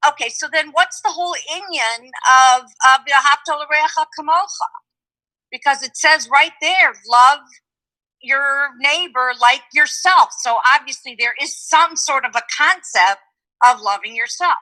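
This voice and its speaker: A woman on a video call puts a question to her teacher, her voice high and bright. She hesitates, restarts, and fills pauses while she works out what to ask. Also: low-quality recording. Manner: hesitant, searching questions with fillers. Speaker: class participant asking a question.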